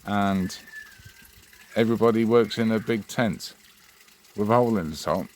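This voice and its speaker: A man's voice: on the low side, moderate pace, darkish tone, a little hiss or hum, lightly acted. A man voicing a matter-of-fact talking duck in a told joke, patient and dry. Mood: inquisitive.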